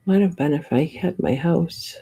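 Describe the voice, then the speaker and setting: A woman hosting a casual livestream, chatting in a relaxed way and laughing often. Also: low-pitched, normal speed, vocal fry, breathy edge. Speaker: livestream host. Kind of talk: casual chat.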